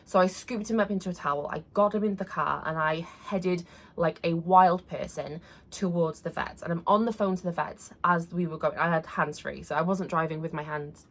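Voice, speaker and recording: A woman's voice: fairly low pitch, fairly even intonation, normal speed. Woman telling a personal story. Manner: earnest, conversational, with frequent fillers and restarts. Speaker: vlogger.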